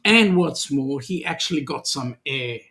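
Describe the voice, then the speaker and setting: A man's voice: medium pitch, animated, a little slow, bright, forceful tone. An Australian man hosting a casual livestream chat, joking around and reading out viewer comments. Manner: jokey, reads out viewer comments. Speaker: host.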